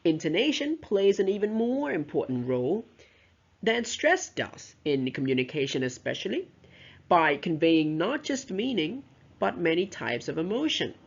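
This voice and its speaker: Lively, gravelly woman giving a lecture. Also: on the low side, moderate pace. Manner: explanatory, tags points with "right?" and "you know". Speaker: teacher trainer. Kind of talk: recorded lecture on pronunciation teaching. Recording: dull lo-fi recording.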